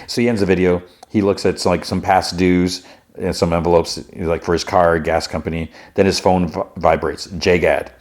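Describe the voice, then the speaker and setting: A low-voiced man talks through a TV episode on his podcast in an easygoing, rambling way. He restarts his sentences often and jumps into higher, playful voices whenever he quotes a character. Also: fairly even intonation, moderate pace. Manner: slips into raised-pitch voices for quoted characters. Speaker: podcast host recapping a TV episode. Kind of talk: casual recap with acted quotes.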